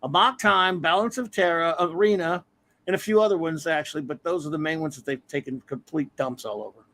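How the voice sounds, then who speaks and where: A man's voice: fairly high pitch, fairly quick, a bit bright. A man co-hosting a casual online talk show, ranting with sarcastic, exasperated anger. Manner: angry, sarcastic, profane, exasperated. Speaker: podcast co-host.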